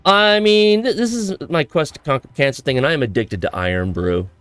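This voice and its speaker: Male stream host, excitable and giggly, stumbles over words, pitch swinging widely, mid-range voice. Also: a little fast, no echo, soft background music. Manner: excitable, laughs often, trips over words. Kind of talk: casual livestream chat.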